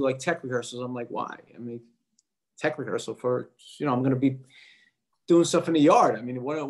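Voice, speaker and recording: Appearing as an interview guest, a middle-aged actor spins a lively anecdote, performing the voices of everyone he quotes. His pitch runs fairly high.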